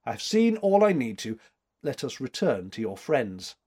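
Man doing curt elderly woman critic, storybook reading, commanding, lively rising lines, a husky edge. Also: mid-range voice, normal speed. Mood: brisk commanding. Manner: curt, commanding, searching questions. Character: sharp, imperious elderly woman art critic.

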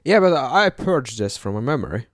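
Lively Norwegian man, joking podcast co-host. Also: medium pitch, normal speed, dry recording, studio quality. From Norway. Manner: short joking replies. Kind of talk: casual podcast chat.

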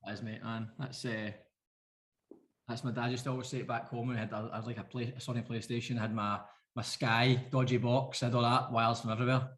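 A Scottish man co-hosting a podcast, teasing his co-host in quick banter. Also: mid-range voice, little pitch movement, fairly bright tone, slight background noise. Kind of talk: casual podcast chat.

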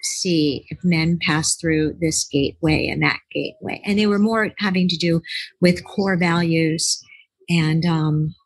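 Husky, low-pitched woman telling a rambling story. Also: measured pace, dry recording, poor audio. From United States. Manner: rambling, animated, acts out quoted voices. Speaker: author and relationship expert, podcast guest. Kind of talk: casual interview storytelling.

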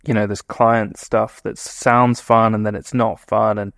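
A man hosting a podcast in a relaxed, chatty, self-deprecating way, asking questions and wrapping up the episode. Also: lowish voice, unhurried, gravelly, no echo, clean studio sound. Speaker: podcast host. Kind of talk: casual podcast chat and outro.

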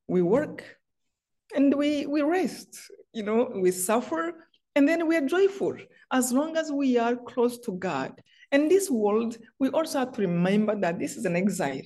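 Warm-voiced woman telling heartfelt stories. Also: a little high. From Rwanda. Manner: heartfelt, personal storytelling with many restarts. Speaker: guest author. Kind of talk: faith interview.

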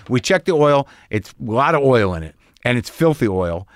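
A man in his sixties, telling a long story in casual monologue, animated and exasperated, swearing and acting out both sides of the dialogue. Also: medium pitch, moderate pace, dry recording, studio quality.

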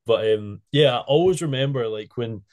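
A man hosts a casual podcast and tells stories in a loose, animated way, laughing as he goes. His voice sits at a middle pitch. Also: normal speed. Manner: animated storyteller, laughs a lot, loose phrasing. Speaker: podcast host. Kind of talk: casual chat.

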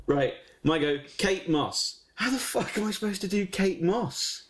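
A man in a casual comedy chat, doing loud, silly celebrity impressions with laughs and swearing. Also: high voice, lively intonation, measured pace, few pauses, a little hiss or hum.

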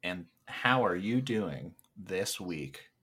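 A man's voice: low voice, lively intonation, takes it slowly, a bit bright, slightly rough. A man co-hosting a movie podcast, chatting casually with a joking, sarcastic manner. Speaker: podcast co-host. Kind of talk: casual chat.

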